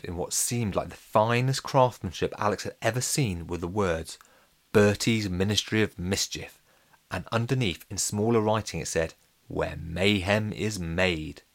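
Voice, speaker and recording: Low-voiced male storyteller. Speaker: narrator. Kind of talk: children's audiobook narration.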